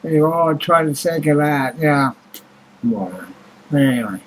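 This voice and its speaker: A man's voice: fairly high pitch, expressive, a little slow, a little hiss or hum, poor audio. A man vlogging in a rambling, casual monologue, blunt and grumbling, with heavy swearing and many fillers.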